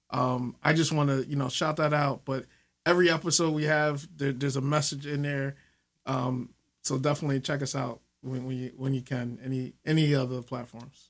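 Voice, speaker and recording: A man guesting on a radio show, talking casually about his podcast in an earnest, hesitant way, with lots of fillers. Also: medium pitch. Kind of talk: casual interview chat.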